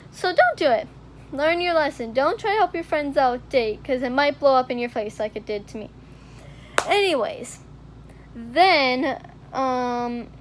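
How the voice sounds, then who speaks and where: A woman's voice: high-pitched, a little hiss or hum. A teenage girl telling a personal story to camera, rambling with lots of fillers and "like". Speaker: vlogger. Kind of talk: casual storytelling vlog.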